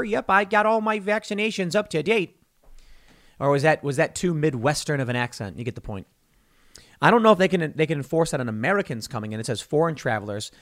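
A man hosting a solo political commentary show, talking in an opinionated, conversational way with emphatic stresses and frequent restarts. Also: medium pitch.

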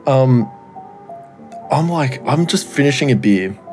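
A man's voice: medium pitch, lively intonation, takes it slowly, a little mellow, soft background music. A man, co-hosting a podcast and telling a long rambling story in casual chat, swearing often and acting out what people said. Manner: rambling storyteller, swears a lot, acts out quotes. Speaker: podcast co-host.

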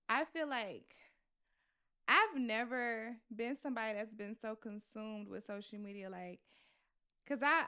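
Woman on a podcast, smooth clear voice, kinda high, frank chat. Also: pushed and bright. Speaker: podcast co-host. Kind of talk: casual podcast conversation.

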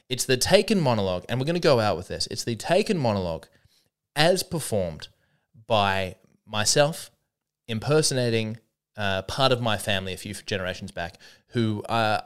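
Man, comedy podcast host, rambling self-mocking rant, lively up-and-down pitch, close podcast mic. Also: clean tone.

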